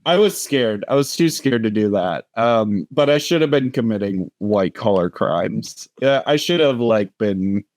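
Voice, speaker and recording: A man's voice: on the low side, expressive, unhurried, hardly any pauses, darkish tone, dry recording. A man co-hosting a casual podcast, joking with hesitant, stammering restarts. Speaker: podcast co-host.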